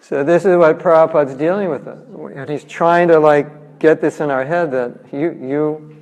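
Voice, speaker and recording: Speaking at a moderate pace with fairly even intonation, an American man with a fairly high, a little mellow voice gives a lively scripture lecture. In the large, reverberant temple hall, he keeps things casual and humorous, acting out little quotes.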